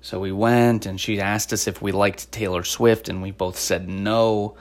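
A woman's voice: very deep voice, fairly even intonation, unhurried. A woman hosting a podcast in a casual monologue, ranting with sarcasm and lots of swearing and rambling between topics. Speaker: podcast host; former stand-up comic.

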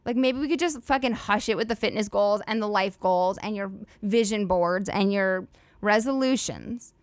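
This woman runs a solo comedy podcast, rambling and cursing freely with plenty of "like" fillers. Her voice sits at medium pitch and moderate pace, captured in a dry recording.

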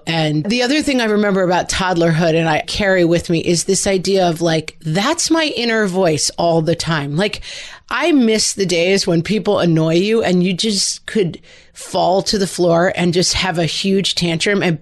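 A woman co-hosting a podcast in casual chat, chatty and often laughing as she acts out toddler voices. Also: fairly low pitch. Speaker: podcast co-host.

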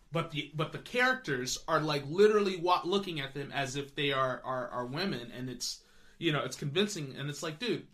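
Podcast co-host, male, bright and fairly high voice, rambling casual film talk with lots of "like" and "you know.". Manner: animated, rambling, many fillers and restarts.

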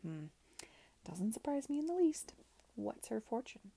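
A woman reading aloud softly, voicing a blunt, shrewd elderly lady in a whispered reading. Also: a little high, sing-song, unhurried, vocal fry, breathy edge, heavily acted.

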